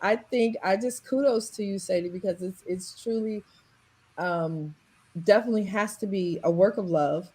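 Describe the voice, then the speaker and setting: American woman, leadership trainer, mellow voice, emphatic, video call. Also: mid-range voice, moderate pace, husky. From United States. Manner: thoughtful, emphatic, repeats for stress. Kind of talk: casual online panel chat.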